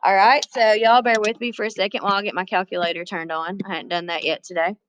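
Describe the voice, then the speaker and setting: A woman's voice: mid-range voice, fairly even intonation, fast, fairly bright tone, highs cut off, slight background noise. A woman teaching a math class, chatty and often asking the students questions. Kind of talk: classroom lesson.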